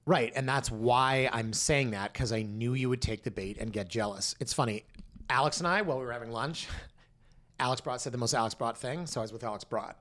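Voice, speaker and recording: A Canadian man co-hosts a casual podcast. He tells lively, joking stories and acts out the people he quotes. His pitch sits in the middle of the usual range. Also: a little fast. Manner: animated, acts out dialogue in quoted voices. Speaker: realtor and co-host.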